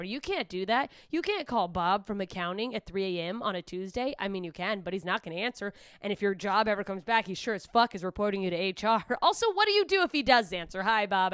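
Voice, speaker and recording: A young woman doing a rambling, self-deprecating stand-up set alone to a camera, deadpan with sudden high squeals for quoted voices. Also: dry recording, clean studio sound. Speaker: stand-up comedian. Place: club stage streamed with no live audience.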